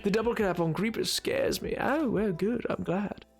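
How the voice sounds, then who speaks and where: A man doing a put-on posh English accent as a prim, fussy gentleman, with mannered phrasing, while commentating his game stream. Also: sits high, moderate pace, creaky, slightly rough, faint music behind, exaggerated voice.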